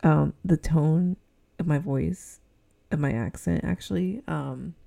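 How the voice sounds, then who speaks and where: Low, gravelly Southern Californian woman. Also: takes it slowly, dark tone. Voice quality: says her voice sounds snobby. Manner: rambling, giggly, lots of fillers. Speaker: podcast host. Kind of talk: casual solo podcast chat. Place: indoors at home with a heater on.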